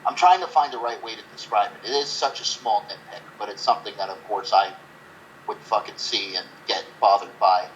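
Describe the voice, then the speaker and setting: A man's voice: lowish voice, fairly quick, highs cut off, slight background noise. A man co-hosting a casual movie review podcast, rambling with lots of fillers and swearing. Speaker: podcast co-host.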